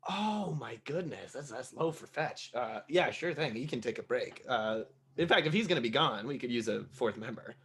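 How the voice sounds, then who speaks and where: A player in an improvised tabletop game, eager and quick to jump in. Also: medium pitch, animated, a bit bright. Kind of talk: improvised tabletop role-play.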